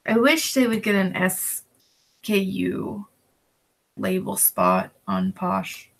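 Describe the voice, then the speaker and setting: A woman's voice: mid-range voice, slow, gravelly, poor audio. A woman vlogging casually while she works on her reselling listings, rambling along and breaking off to talk to her pets. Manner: relaxed, rambling, talks to her pets in between. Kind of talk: casual chat while working. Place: at home with dogs and a cat around.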